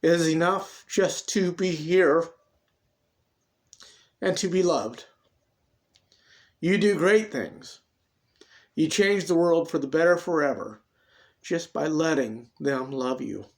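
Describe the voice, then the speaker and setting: A man's voice: a little high, slow pace, pauses often. A man voicing a saucy defiant young woman. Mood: tender. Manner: sassy, later soft and consoling.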